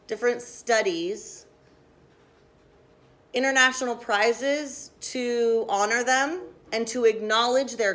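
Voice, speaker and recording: Brisk teacher woman in a classroom. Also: a little high, fairly bright tone. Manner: brisk, directive, asks the class questions.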